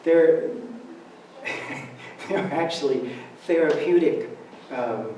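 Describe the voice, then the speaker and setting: A man speaks from the front of a church, his mellow voice carrying through a very echoey hall. He sits a little high for a man and stands some way off the mic. He talks in a chatty, humorous storytelling way, with a faint hum of the room behind him. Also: takes it slowly, distant mic. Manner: conversational, humorous storytelling with laughs. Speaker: speaker giving a Sunday talk. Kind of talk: church talk. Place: church sanctuary.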